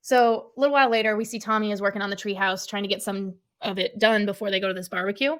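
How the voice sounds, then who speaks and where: A woman co-hosts a podcast and walks through a movie's plot in casual chat. She slips into quick impressions of the characters' lines. Her voice sits at a middle pitch. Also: fairly even intonation, a bit bright, clean tone, low-quality recording. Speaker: podcast co-host.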